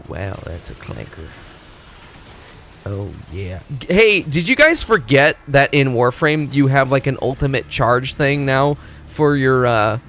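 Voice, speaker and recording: A man streaming a video game, talking in a rambling, excitable, profane way as he plays. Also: mid-range voice, slight background noise. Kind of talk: casual gaming commentary. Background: faint game music.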